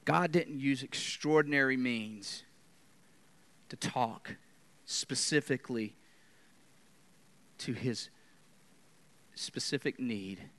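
A man preaching a sermon, moving from loud, emphatic lines to hushed whispers. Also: mid-range voice, slow, long pauses.

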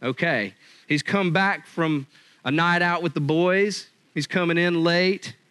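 A man's voice: on the high side, a little slow, fairly bright tone, smooth, no echo. A man preaching a sermon in a conversational way, sometimes acting out quoted voices. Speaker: pastor.

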